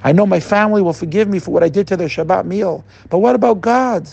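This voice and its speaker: A man's voice: high-pitched, quick pace, vocal fry, darkish tone, breathy edge, dry recording, highs cut off, full character voice. A man voicing a remorseful, middle-aged man who confesses his wrongdoing to a rabbi and pleads for forgiveness. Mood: pleading. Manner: pleading, emotional.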